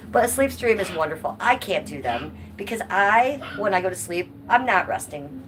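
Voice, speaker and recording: A woman's voice: mid-range voice, big pitch swings, normal speed. A woman live streaming from home, chatting casually and answering her viewers' comments. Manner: chatty, reads chat aloud and answers viewers. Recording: noisy background.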